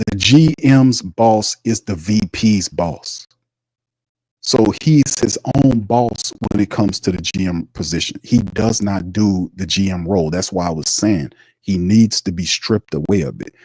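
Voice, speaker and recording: Emphatic man, dark husky voice. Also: fairly low pitch, dry recording, low-quality recording. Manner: emphatic, repetitive, reads chat aloud. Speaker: sports show host. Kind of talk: livestream sports commentary.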